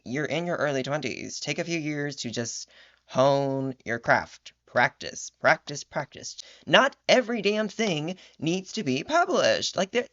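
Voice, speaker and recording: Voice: medium pitch, a bit bright, highs cut off. A tired vlogger in casual reaction commentary, rambling and exasperated, swearing often and restarting sentences. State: tired late at night.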